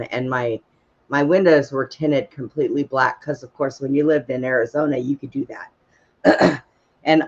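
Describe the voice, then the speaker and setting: A man's voice: on the high side, fairly bright tone, highs cut off. A man telling casual personal stories at an open mic, blunt and folksy, with casual swearing.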